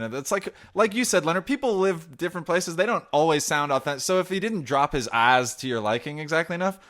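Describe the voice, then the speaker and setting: A man from New Jersey hosting a podcast, telling rambling, animated stories with frequent restarts. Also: a little high, fast talker, few pauses. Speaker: podcast host. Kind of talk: casual chat.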